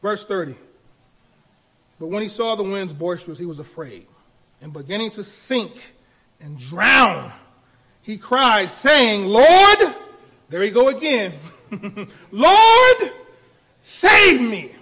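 High, lively-voiced preaching man. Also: unhurried, pauses often. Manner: preaching with rising shouts and laughs. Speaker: pastor. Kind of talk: sermon. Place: church.

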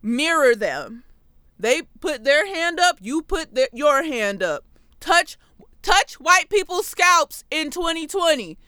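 A young woman hosting a comedy podcast solo, talking in an animated, sarcastic and playful way. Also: high-pitched, takes it slowly, dry recording. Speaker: podcast host.

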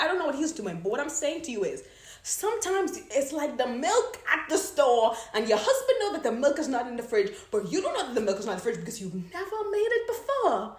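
A young woman telling a story in a casual devotional talk, animated and laughing as she goes. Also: high voice, brisk, echoey room. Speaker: Christian vlogger.

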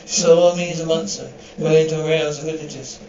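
A detached, hyper-evolved man, as an actor plays him in an old TV drama, his fairly high voice held flat and level. He lectures calmly from some distance off. The soundtrack sounds dull and roomy, with a faint hiss behind it. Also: brisk, natural voice. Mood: cold. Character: coldly superior, hyper-evolved man, aloof and calm.

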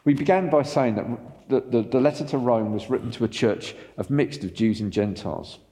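A man preaching a sermon as pastor, animated and asking the congregation rhetorical questions. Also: medium pitch, fairly quick, big-room sound.

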